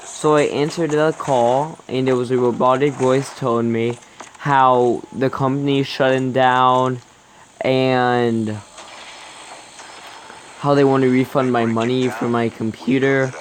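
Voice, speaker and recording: Young male vlogger, chatty and rambling, mid pitch, clear background noise in the recording. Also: little pitch movement, measured pace, low-quality recording. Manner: rambling, self-correcting, chatty. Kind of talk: casual storytelling to camera.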